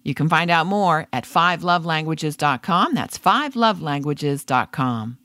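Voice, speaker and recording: An announcer reading a scripted promo for a radio show in a smooth, promotional manner. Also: medium pitch, animated, measured pace, bright, forceful tone, no echo.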